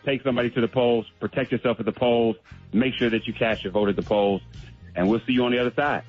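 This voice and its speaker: A man speaks on a radio show in a casual, rallying way, urging listeners to take part. His voice is mid-pitched. The sound is dull and lo-fi, with faint music behind him. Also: fairly even intonation, fast talker. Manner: encouraging, rallying. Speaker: radio contributor.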